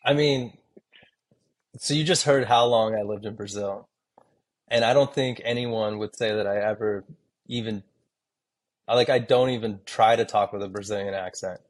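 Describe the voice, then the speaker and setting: A man's voice: lowish voice, fairly even intonation, normal speed, long pauses. Laughing, blunt young man guest. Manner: laughing storyteller, blunt and profane. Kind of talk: casual podcast chat.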